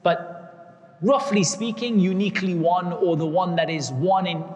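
A man with a high voice teaches a religious lesson, slowly repeating key words so they sink in. He works Arabic terms into his English as he explains. His voice rings out with a long echo, as in a large hall. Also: darkish tone.

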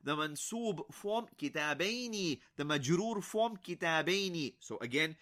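A man teaching an Arabic grammar lesson, repeating each example slowly and then translating it, with short words of praise in between. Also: a little high, expressive, bright, forceful tone.

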